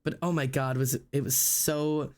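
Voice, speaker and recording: A man's voice: medium pitch, level tone, moderate pace. A male streamer telling a story in casual chat, rambling with lots of fillers and acting out what people said. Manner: rambling, filler-heavy, acts out quotes.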